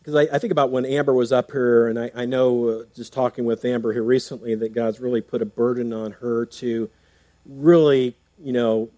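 A man's voice: medium pitch, steady tone, normal speed, mellow, no room sound. A man preaching a sermon in a conversational way, reading scripture aloud and explaining it, often restarting with fillers. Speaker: pastor.

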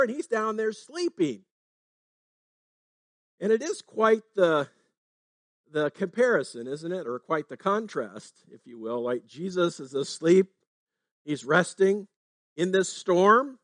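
Pastor, male, slightly high voice, relaxed talky sermon delivery, dry recording. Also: unhurried, pauses often, no room sound. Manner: conversational preaching, frequent "right?" tags.

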